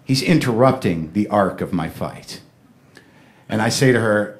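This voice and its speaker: A man's voice: on the low side, lively intonation, unhurried. Neurotic middle-aged male stand-up comic. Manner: neurotic, rambling storytelling that jumps into acted-out quotes. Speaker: stand-up comedian. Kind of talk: stand-up comedy set. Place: comedy club stage with a live audience.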